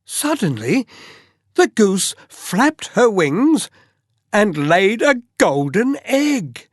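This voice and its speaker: A storyteller reads a fairy tale as bedtime listening practice, pacing every phrase very slowly. The voice rises and falls in a lively, sing-song way. It is recorded close and dry, with no room sound. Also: mid-range voice, no room sound. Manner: very slow, expressive read-aloud.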